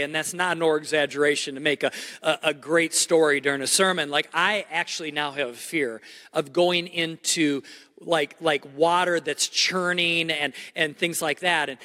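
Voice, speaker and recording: A middle-aged man preaching a sermon, telling a personal story with animated, emphatic delivery and frequent restarts. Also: on the high side, big-room sound. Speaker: pastor.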